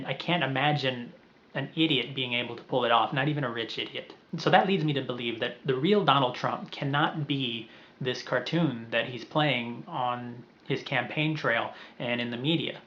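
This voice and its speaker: A man's voice: mid-range voice, bright, forceful tone, dull audio. A young man talking earnestly and reflectively in a personal video letter to a friend, sometimes restarting his phrases. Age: young adult.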